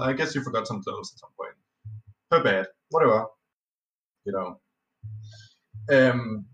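Medium in pitch and a little bright, this man's voice carries a casual podcast story about a tabletop game. He's a native Danish speaker who rambles, using lots of fillers, restarting sentences and swearing along the way. There's a roomy echo, and he seems a bit off-mic.

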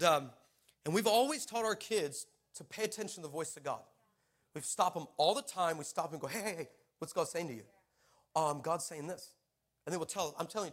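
Brief: high-pitched male pastor, animated storytelling sermon. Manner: animated storyteller, laughing, acting out quotes.

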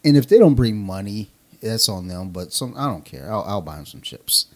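A man's voice: fairly low pitch, big pitch swings, normal speed. A man co-hosting a casual podcast, telling a profane, laugh-filled story with slang. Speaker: podcast co-host.

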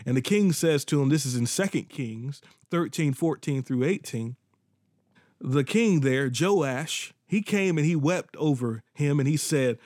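An earnest male preacher delivering a sermon, his voice sitting a little high for a man. He doubles back on words and restarts phrases as he drives his points home. The recording is dry and close, with little room sound. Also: expressive, normal speed, no room sound.

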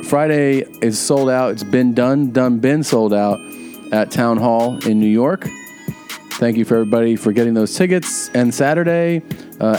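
A man with a medium-pitched, dark voice co-hosts a podcast. Between loose jokes, he runs through tour dates and delivers ad reads in casual conversation.

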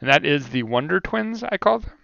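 A man with a gravelly, bright voice talks through a card game list in a rambling, animated way and laughs often. The sound is dry and a little muffled, as if from a lo-fi mic. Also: a little high, fairly quick, dry recording. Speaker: podcast co-host. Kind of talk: casual card game discussion.

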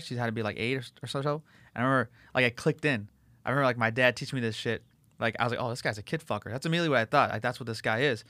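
A man's voice: medium pitch, bright, forceful tone, dry recording. A man, hosting a podcast and telling a rambling, profane story with lots of fillers. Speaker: podcast host. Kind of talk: casual chat.

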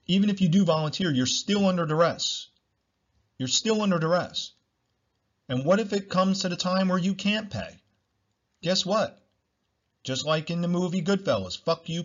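A man's voice: a little high, highs cut off. A man hosting a solo podcast, talking bluntly, repeating himself and swearing freely. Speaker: podcast host.

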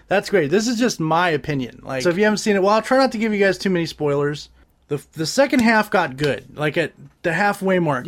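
A man casually reviewing a gadget and a movie, rambling, swearing often, with lots of restarts. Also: sits high. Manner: profane, animated, rambling with restarts. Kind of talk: casual crude review chat.

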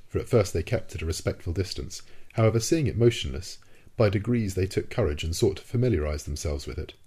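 Male audiobook reader, deep mellow voice, formal storytelling. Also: husky. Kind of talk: scripted first-person narration.

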